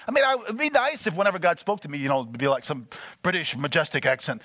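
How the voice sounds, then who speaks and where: A man preaching a sermon, animated and full of call-and-response questions to the congregation. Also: a little high, racing, no echo. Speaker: pastor.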